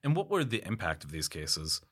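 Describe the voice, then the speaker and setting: A man's voice: low voice, huge pitch swings, a little fast, a bit bright, husky. A man interviewing a guest, asking questions with hesitant fillers.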